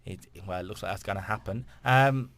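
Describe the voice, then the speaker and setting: A man's voice: on the low side, a little fast, gravelly, fairly bright tone, slight background noise. A man hosting a casual football podcast, joking and laughing as he steers the segments. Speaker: podcast host.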